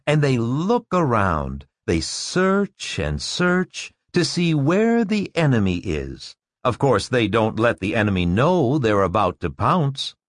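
A man's voice: medium pitch, very animated, slow, hardly any pauses, no room sound, studio quality. A man voicing a confident lecturing school director. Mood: coaxing, playful. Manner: declamatory, lecturing.

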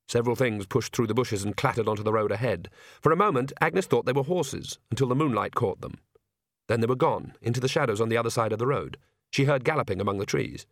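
A man's voice: mid-range voice, no echo. Man narrating an audiobook, dry close voice. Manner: measured, dry storytelling.

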